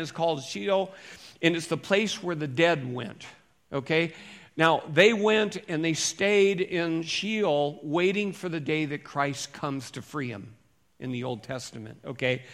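A male pastor gives a conversational sermon, alternating between loud, emphatic lines and quiet, low-voiced asides.

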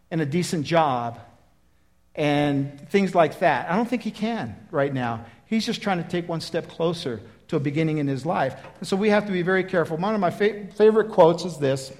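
A high-pitched male preacher gives a folksy, conversational sermon, acting out dialogue from the Bible with animated emphasis.

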